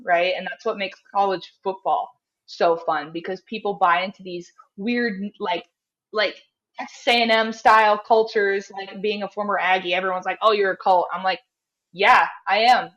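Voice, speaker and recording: A woman's voice: mid-range voice, a bit bright, lo-fi sound. A young woman from Canada, a strength coach, chatting in an upbeat, casual way. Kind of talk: casual interview chat.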